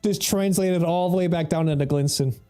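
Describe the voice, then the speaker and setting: A man's voice: high-pitched, fairly quick, mellow. A man giving casual, rambling gameplay commentary as a streamer, swearing freely and laughing often, with faint music behind him. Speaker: game streamer.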